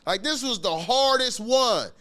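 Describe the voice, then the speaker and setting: A man telling a story about his school days in a casual, slangy, animated way, swearing often and acting out the scenes. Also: very high-pitched, a little slow, smooth. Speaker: podcast guest telling a story.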